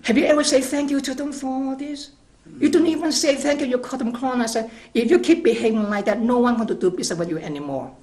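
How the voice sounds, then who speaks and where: A man's voice: very high-pitched, fast, a little mellow. A man guest in a TV interview, arguing his point emphatically with rhetorical questions and restarts. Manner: emphatic, rhetorical questions, repeats words at the start of phrases. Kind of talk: argumentative interview answers.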